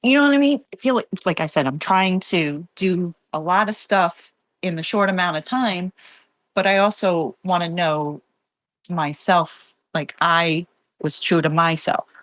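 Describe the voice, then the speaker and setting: A woman guest with a fairly low voice, speaking candidly and emotionally in a rambling way. Her talk is full of fillers and restarts. The sound is dry and close, with no room echo. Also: a little slow, fairly bright tone. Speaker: podcast guest. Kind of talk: candid personal conversation.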